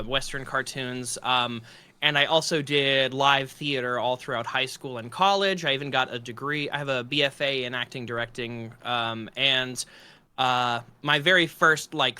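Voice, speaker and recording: A man's voice: medium pitch, sharp tone, clean tone. A man, a voice actor, chatting casually on a video call in a friendly, rambling way with plenty of fillers. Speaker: voice actor guest.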